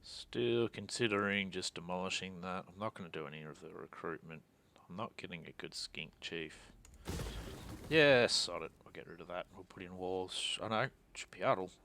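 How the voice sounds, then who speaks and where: A deep-voiced man talks through his moves in a strategy game, half under his breath. He muses to himself, with a gravelly rasp on the low notes. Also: normal speed, bright, forceful tone. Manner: muttering, thinking aloud, self-deprecating. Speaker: gaming channel host.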